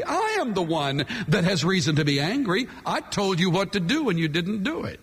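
A man's voice: fairly high pitch, very animated, moderate pace, few pauses, a bit bright, slightly rough. A man preaching a sermon from the pulpit, emphatic and dramatic, leaning hard on key words. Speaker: pastor. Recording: long hall reverb.

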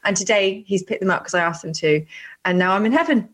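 A woman co-hosting a podcast in casual chat. She is excitable and gushing and swears freely. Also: medium pitch, fast. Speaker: podcast co-host.

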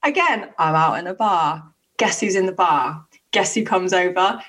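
Woman telling a lively story, slightly off-mic. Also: lowish voice, recorded from a distance, low-quality recording. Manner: animated storyteller, quick laughs and acted-out quotes. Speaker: co-host. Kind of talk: casual storytelling chat.

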